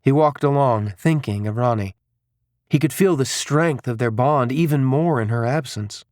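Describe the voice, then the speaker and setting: A man reads a scripted audiobook narration in a steady, even storytelling style. His voice is mid-range at a normal speed, and the recording is dry and studio quality.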